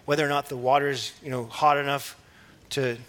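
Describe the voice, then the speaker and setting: A preacher teaching from the Bible in a relaxed, conversational way, with small laughs and restarts. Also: male voice, mid-range voice, normal speed.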